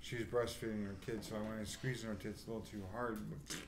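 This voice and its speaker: A man's voice: fairly low pitch, flat delivery, quick pace. A man telling crude, rambling stories in a casual podcast chat. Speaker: podcast co-host. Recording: echoey room with noise.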